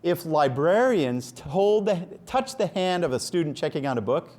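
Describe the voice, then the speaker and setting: Lively man giving a science talk. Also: a little high, normal speed. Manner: enthusiastic, joking, quizzes the audience. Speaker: lecturer. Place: lecture room.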